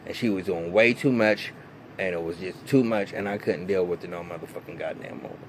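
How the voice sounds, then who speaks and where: A man, recapping a TV episode in a casual, animated, profane way full of fillers and restarts. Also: low-pitched, fairly quick, a little hiss or hum. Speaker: TV recap vlogger.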